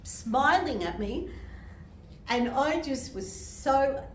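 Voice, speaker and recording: An older woman, a medium and reverend, gives a sermon with personal testimony in a gentle, emotional way and laughs often. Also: sits high, expressive, takes it slowly, a little hiss or hum. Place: church hall. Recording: echoey hall from far off.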